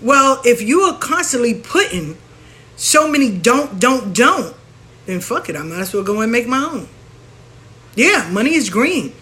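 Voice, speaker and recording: A spiritual practitioner hosts her own show, ranting frankly in a casual monologue and mimicking other people along the way. Her voice is a little high, pushed and bright, very animated yet at a measured pace.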